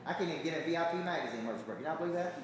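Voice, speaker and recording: A man's voice: a little high, animated, very fast. A man coaching a live audience, emphatic, constantly checking in with the crowd. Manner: emphatic, repeats rhetorical check-ins with the crowd. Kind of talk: seminar talk to an audience. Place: large hall with a live audience. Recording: echoey hall from far off.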